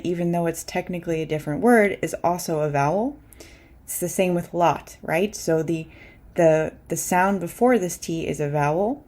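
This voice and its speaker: Woman doing a pronunciation lesson, a bit low voice, careful and clear, says words twice. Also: a little mellow. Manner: clear, deliberate, repeats example words slowly. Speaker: English pronunciation teacher.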